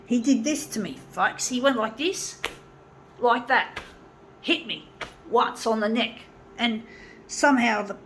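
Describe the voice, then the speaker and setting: A woman's voice: fairly high pitch, slight background noise. A woman talking to her viewers in a casual monologue, blunt and profane, bitter and aggrieved, rambling with many restarts.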